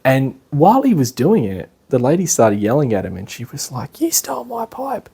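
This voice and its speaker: An Australian man giving a casual lecture, chatty and animated, with many fillers. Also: mid-range voice, moderate pace, breathy edge. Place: class in a meeting room.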